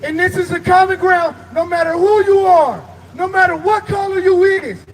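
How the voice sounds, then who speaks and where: A man shouting a rally speech to a crowd at an outdoor protest at night, drawing out his lines. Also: very high-pitched, normal speed, a little hiss or hum, low-quality recording. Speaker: protest speaker.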